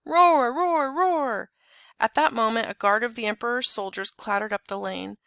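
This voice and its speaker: A woman reading a children's story aloud in an expressive, clear narrating voice. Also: mid-range voice, a little fast, no echo. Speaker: storybook reader. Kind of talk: scripted narration.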